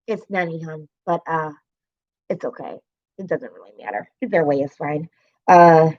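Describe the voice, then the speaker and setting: A woman's voice: lowish voice, moderate pace, highs cut off. A woman live streamer, upset and swearing as she vents to her chat and greets viewers by name.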